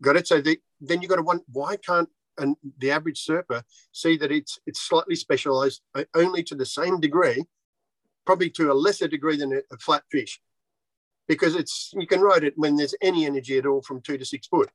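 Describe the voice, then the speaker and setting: Blunt man, higher voice. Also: brisk, dry recording, low-quality recording. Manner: blunt, swears freely. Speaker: surfboard shaper. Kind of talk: casual interview talk.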